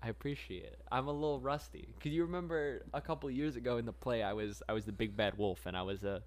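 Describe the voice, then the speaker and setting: A man's voice: medium pitch, quick pace, a little hiss or hum. A man co-hosting a casual podcast, improvising a story with laughs and rambling. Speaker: podcast co-host.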